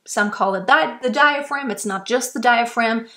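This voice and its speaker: A woman's voice: fairly high pitch, moderate pace, a bit bright. A woman from Germany, a vocal coach patiently explaining and demonstrating breathing exercises. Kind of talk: instructional explanation.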